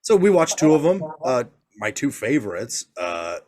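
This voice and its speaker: Crowd noise sits behind a man of medium pitch speaking at a moderate pace. He co-hosts a podcast and, as a father, spins animated, profane stories in relaxed conversation, performing each quote.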